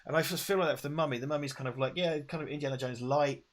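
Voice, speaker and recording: A Scottish man co-hosting a casual film watch-along, animated and joking, often laughing, on a lapel mic. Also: a little high, racing. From Scotland. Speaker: podcast co-host.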